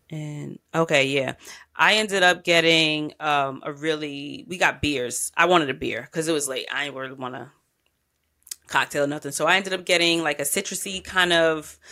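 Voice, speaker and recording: A woman hosting a travel podcast, telling her trip stories in a casual, candid way, full of slang and swearing. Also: sits low. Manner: candid, slangy, animated storytelling with profanity.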